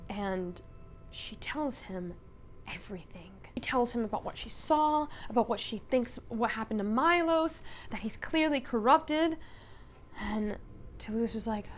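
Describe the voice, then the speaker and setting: A woman vlogger retelling a live-action role-playing game in casual, animated storytelling. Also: on the high side, a little hiss or hum.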